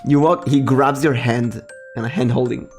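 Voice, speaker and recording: A man's voice: mid-range voice, moderate pace, darkish tone, faint music behind. A man narrating a tabletop role-playing game as game master, casual and often laughing.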